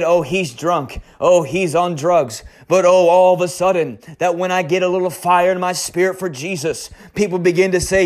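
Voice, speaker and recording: A man preaching with fire and urgency, hammering the same phrases again and again. His voice sits a little higher than most men's. He is recording a sermon for a podcast. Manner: shouting, repetitive, emotional preaching.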